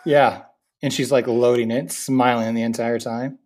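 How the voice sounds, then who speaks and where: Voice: medium pitch, fairly even intonation, normal speed, darkish tone. A podcast co-host chatting casually about a film, chiming in with quips and laughing. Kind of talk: casual movie chat.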